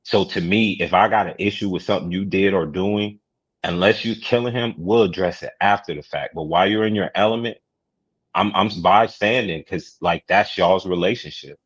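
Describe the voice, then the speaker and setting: A man chatting casually on a podcast, laid-back, teasing and calmly giving his opinions. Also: deep voice, normal speed, slightly rough, dry recording, dull audio.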